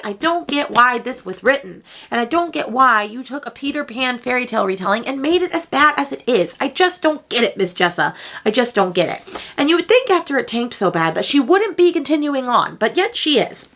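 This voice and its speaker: A young woman vlogging a casual, animated rant about books she disliked, sounding exasperated. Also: mid-range voice, a little fast. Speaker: book vlogger. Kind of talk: casual ranting book review.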